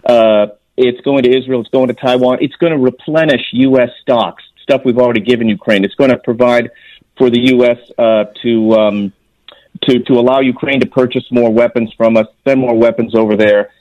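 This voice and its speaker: A man's voice: mid-range voice, fairly even intonation, a little fast, a little mellow, dry recording, dull audio. Earnest man on a radio call. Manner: earnest, emphatic, many restarts. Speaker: guest, former intelligence officer. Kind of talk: radio interview.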